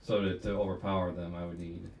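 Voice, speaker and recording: A man's voice: sits low, flat delivery, fast talker, distant mic, a crowd in the background. A man playing a tabletop game, talking in a hesitant, tentative way. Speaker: player. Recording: echoey room, off-mic.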